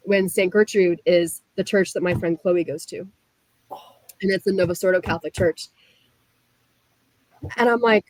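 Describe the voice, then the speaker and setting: A young woman from the US Midwest telling her story as a guest, animated and full of "like" fillers. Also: lowish voice, moderate pace, pauses often, no room sound, low-quality recording. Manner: animated, frequent "like" fillers, laughs while telling. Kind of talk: casual storytelling.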